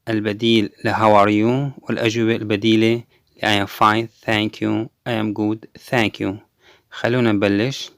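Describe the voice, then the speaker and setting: Male English teacher, slow repeat-after-me drills, dry close recording. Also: mid-range voice, a bit bright, no echo. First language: Arabic. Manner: drills each English phrase slowly twice, explains quickly in Arabic. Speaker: language teacher. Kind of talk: recorded language lesson.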